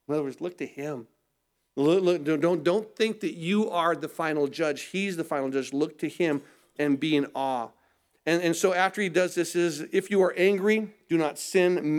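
Guy preaching a sermon, high voice, keeps asking the crowd questions and answering them, stumbles on repeats. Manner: emphatic, asks rhetorical questions then answers them; repeats words when starting sentences.

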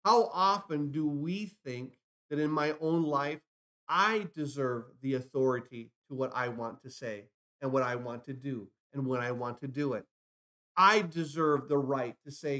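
Male pastor, slightly high voice, emphatic sermon delivery with rhetorical questions. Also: moderate pace, a bit bright. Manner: acts out scripture dialogue in retellings.

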